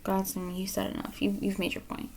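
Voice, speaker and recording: A woman reads tarot cards for her viewers. She talks bluntly and scolds a lot, swearing freely, in a voice of middling pitch. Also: monotone, a little fast, a little hiss or hum. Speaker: tarot reader. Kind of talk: pick-a-card tarot reading.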